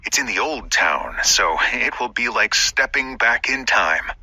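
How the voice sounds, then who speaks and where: Guy reading a traveler dude in a textbook dialogue, bright voice, super dry studio sound. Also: medium pitch, lively intonation, a little slow, no room sound, exaggerated voice. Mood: cheerful.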